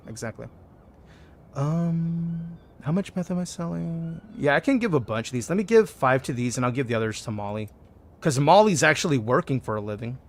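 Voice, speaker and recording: Lively streamer man chatting playfully. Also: mid-range voice, slight background noise. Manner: playful, chatting with game characters, bursts of loud excitement. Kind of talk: casual gameplay commentary.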